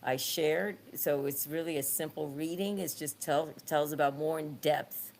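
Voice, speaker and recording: A woman, a former nun, talking in a casual interview, telling her story in halting, restarting phrases and laughing easily. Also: low-pitched, fairly even intonation, vocal fry, darkish tone, slight background noise. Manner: halting, repeats words and restarts often. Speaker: podcast guest, former nun and author.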